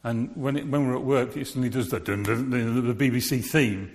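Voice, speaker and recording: Speaking fast at medium pitch, a man preaches a sermon in a conversational style, putting rhetorical questions to his audience. The sound carries the long reverb of a large hall.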